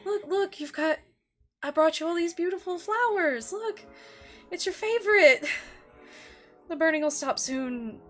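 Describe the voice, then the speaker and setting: A woman voicing a motherly vampire elder woman, tender and weary, soothing and halting in a tabletop role-play. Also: very high-pitched, expressive, fairly bright tone, faint music behind, voice pushed up, exaggerated voice. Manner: soothing, halting, repeats words.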